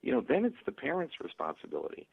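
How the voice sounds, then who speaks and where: A male author telling stories and acting out parents' voices in a radio interview, with a husky, gravelly voice. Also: medium pitch, huge pitch swings, quick pace. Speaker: author guest. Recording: tinny phone line.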